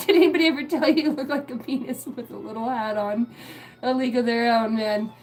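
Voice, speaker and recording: High-voiced woman live-streaming, crude and giggly, cussing a lot, soft music behind her. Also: brisk, low-quality recording. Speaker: livestream host. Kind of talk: rambling live-stream chat.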